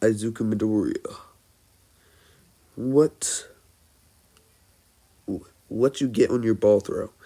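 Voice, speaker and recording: A man voicing a tired, stern adult male teacher in a fan-made story, terse and flat. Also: fairly low pitch, takes it slowly, gravelly, pauses often, full character voice.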